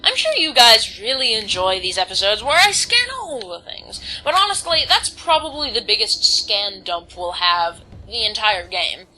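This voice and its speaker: A woman's voice: a little high, lively intonation, normal speed, hardly any pauses, pushed and bright, poor audio. A woman casually commenting on her gameplay, reading on-screen text aloud and stumbling over words now and then. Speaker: let's play host.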